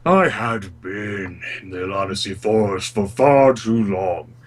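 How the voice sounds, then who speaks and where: A man's voice: fairly low pitch, lively intonation, measured pace. A man voicing a proud veteran male warrior who haggles stubbornly and boasts of his past, in a tabletop game. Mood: haughty.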